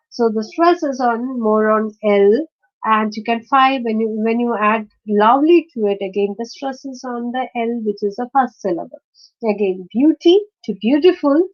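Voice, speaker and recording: A woman's voice: fairly high pitch, normal speed. A woman teaching a lesson, explaining step by step and often checking with "right?" along the way. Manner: explains step by step with many fillers and checking questions. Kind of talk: online lesson on word stress. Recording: dull lo-fi recording.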